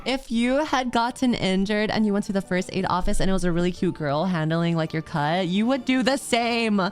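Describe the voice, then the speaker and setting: A woman's voice: mid-range voice, a little fast. A woman streamer in casual chat who rambles, laughs often and leans on "like" as she reads chat aloud. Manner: rambling, giggly, heavy use of "like".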